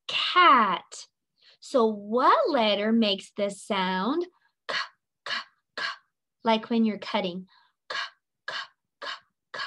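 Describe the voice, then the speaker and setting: Woman, teacher voice, slightly high, unhurried, sounds out letters, encouraging, playful. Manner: patient, sounds out letters slowly and repeats them; encouraging, playful sing-song prompts. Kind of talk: phonics lesson for young children.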